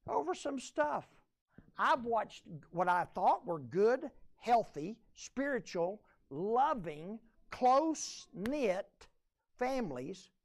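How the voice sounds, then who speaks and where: Folksy pastor preaching. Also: male voice, extremely high pitch, very animated, takes it slowly. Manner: folksy, conversational preaching with audience call-and-response. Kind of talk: sermon.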